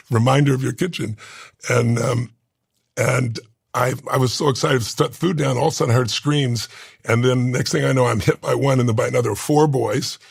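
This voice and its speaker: A man in his sixties speaks earnestly in an interview, his voice gravelly and husky. He sounds close to the mic in a dry, dead room, with moments of deep feeling. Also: no echo. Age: 60s. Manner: earnest, heartfelt, tearful at times. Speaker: interview guest. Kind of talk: emotional storytelling.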